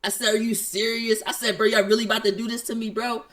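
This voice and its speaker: A man telling a story in casual slang, acting out both sides of an argument in quick quoted lines. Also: sits high, flat delivery, fairly bright tone.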